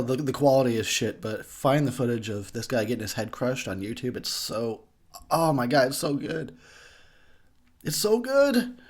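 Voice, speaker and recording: A drunk man giving a rowdy, profane movie commentary, laughing a lot. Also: medium pitch.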